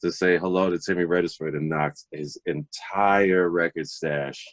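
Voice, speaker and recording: A middle-aged man, a guest DJ, telling stories casually, animated and confident, laughing often. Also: low-pitched, normal speed, no room sound. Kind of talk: casual storytelling.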